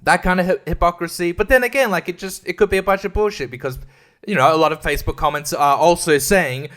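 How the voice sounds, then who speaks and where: High-voiced sarcastic young man. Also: fast, a bit bright. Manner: crude, sarcastic, rambling, laughs often. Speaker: podcast host. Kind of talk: casual solo podcast rant.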